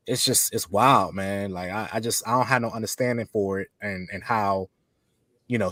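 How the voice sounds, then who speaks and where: Give me a man talking slowly and haltingly on a podcast, with a dry, close sound. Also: fairly low pitch, a bit bright, no echo. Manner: halting, many restarts and fillers. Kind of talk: casual podcast chat.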